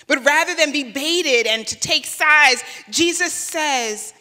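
A woman's voice: high voice, takes it slowly, few pauses, bright, forceful tone, big-room sound. A woman guest pastor preaching a sermon, conversational, with rhetorical questions and light humor. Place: church sanctuary.

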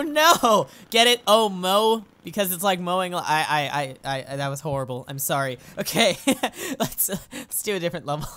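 A young woman commentating on a video game, excitable and giggly, yelping and shouting at what happens on screen. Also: fairly low pitch. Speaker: let's play host.

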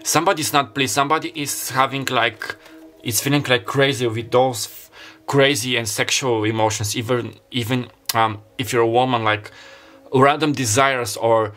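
A man doing a casual tarot card reading to camera. He talks in a halting way, with many fillers and self-corrections. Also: mid-range voice, fairly even intonation, fairly bright tone, faint music behind. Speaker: tarot reader. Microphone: camera mic.

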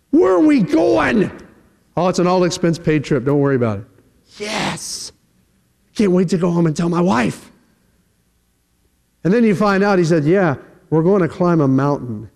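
A middle-aged man preaching a sermon in a church, animated and acting out quoted dialogue. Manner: animated, acts out quoted dialogue with shifting pitch. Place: church sanctuary. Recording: long hall reverb.

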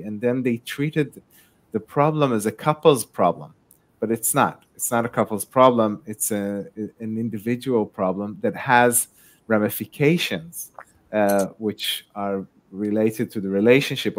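A man from Israel with an Israeli accent, speaking as a panelist in a live discussion over a video call, halting, with many fillers and restarts. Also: lowish voice. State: sleepy, late at night. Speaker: researcher panelist.

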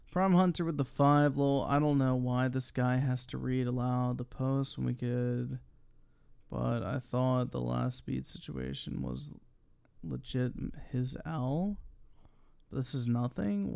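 A man's voice: medium pitch, measured pace, vocal fry, a little mellow, clear, resonant tone, dry recording, clean studio sound. A man reacting live to a commentary video, blunt, scornful and swearing constantly. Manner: blunt, scornful and heavily profane.

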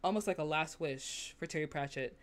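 A woman hosting a podcast, chatting casually, laughing often and acting out quotes in lively asides. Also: deep voice, fairly quick. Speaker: podcast host.

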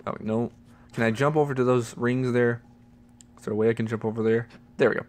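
A teenage boy hosting a let's play, chatty and muttering, with excited squeals. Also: medium pitch, fast talker. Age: teens. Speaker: gaming channel host.

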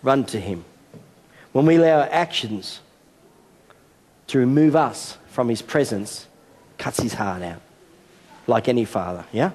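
A man's voice: medium pitch, expressive, measured pace, long pauses, darkish tone. A middle-aged man preaching a sermon as a senior pastor, telling a story and acting out a game. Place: large church hall. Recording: long church hall reverb.

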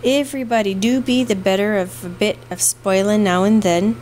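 A woman's voice: mid-range voice, fairly even intonation, normal speed, darkish tone, a little hiss or hum, natural voice, low-quality recording. A woman voicing a fond, scolding old housekeeper with an Irish brogue, read in a storybook. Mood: coaxing.

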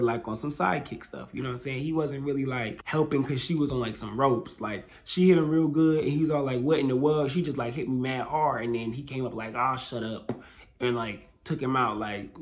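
A man who hosts a manga channel, chatting casually as he retells a chapter, using fillers like "you know what I'm saying" often. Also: medium pitch. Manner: animated retelling with filler phrases. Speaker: manga reviewer. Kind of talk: casual discussion.

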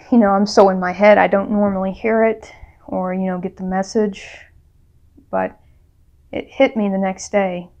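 A woman's voice: mid-range voice, a little mellow. A woman hosting a vlog, telling a personal story in an earnest, casual way with lots of fillers. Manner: casual, chatty, many fillers; earnest and heartfelt. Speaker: vlog co-host.

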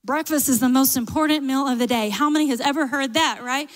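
A woman pastor with a Southern accent, preaching a sermon in an animated way, full of humorous asides. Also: high-pitched, brisk, hardly any pauses, big-room sound. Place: church sanctuary.

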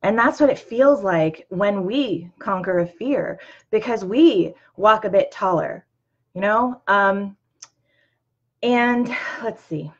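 A woman's voice: mid-range voice, slow. A woman in her thirties hosting a motivational talk, earnest and conversational, with many ums and you-knows. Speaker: host. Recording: dull lo-fi sound.

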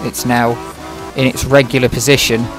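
A British man rambles casually into a close microphone while he streams a game. His delivery is dry and always sounds sarcastic, swearing comes easily, and his voice sits at an ordinary middle pitch. Music plays clearly behind him. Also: level tone, moderate pace. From Britain. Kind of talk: casual livestream chat. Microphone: microphone close in front of the mouth. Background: music playing.

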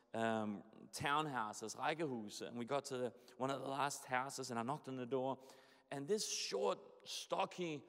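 A man in his forties, a pastor from Denmark, preaching and praying in a casual, excitable way with lots of fillers and restarts. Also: mid-range voice. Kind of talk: sermon with prayer and storytelling. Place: church hall. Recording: echoey hall.

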